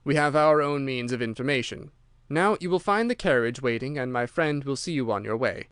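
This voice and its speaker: Man putting on a menacing giggling villain, raised emphatic voice, smooth and dry, audiobook. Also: medium pitch, expressive, a little fast, a bit bright, no echo, lightly acted. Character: sinister giggling middle-aged male kidnapper.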